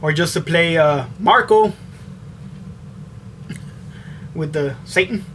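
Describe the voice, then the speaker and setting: A man's voice: on the high side, slow, a bit bright, slight background noise. A young man chatting casually on camera, answering tag questions in a blunt, rambling, profane way. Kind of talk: casual chat.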